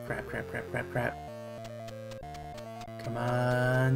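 A man's voice: medium pitch, little pitch movement, takes it slowly, vocal fry, pauses often, over music. A man streaming an old video game, muttering and cursing to himself under stress, with wry asides. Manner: wry, self-mocking asides. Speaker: streamer playing retro games. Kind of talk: live gameplay commentary.

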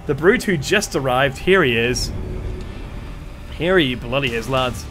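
A man commentating a live game stream with excitable energy and a slightly strained voice, thanking viewers as he goes. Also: mid-range voice, unhurried, faint music behind.

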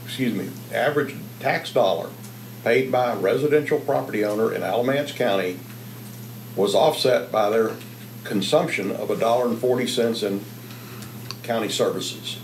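Male commissioner, calm and measured, mid-pitched voice, echoey chamber with faint hum. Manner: measured, cites figures. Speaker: county commissioner. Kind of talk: public meeting debate.

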